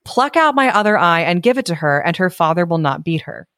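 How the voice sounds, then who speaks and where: A woman's voice: lowish voice, big pitch swings, a little fast, fairly bright tone, no echo, studio quality. A woman reading as a sorrowful prince statue.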